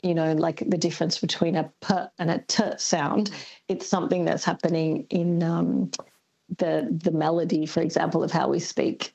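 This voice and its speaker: Husky Australian woman, gravelly and thoughtful. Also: deep voice, darkish tone, lo-fi sound. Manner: thoughtful, hesitant with many ums. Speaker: linguist guest. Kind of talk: radio interview.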